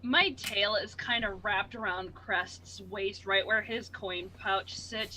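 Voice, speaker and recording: Bright-voiced woman playing a tabletop game. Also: medium pitch, slow, few pauses, slight background noise. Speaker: player. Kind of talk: casual tabletop play.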